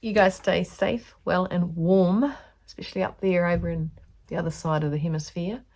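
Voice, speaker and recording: A woman's voice: fairly low pitch, fairly even intonation, normal speed, a little mellow. An Australian woman chatting casually as she teaches sewing, rambling between topics. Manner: rambling, chatty, self-aware. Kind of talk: casual chatty tutorial vlog.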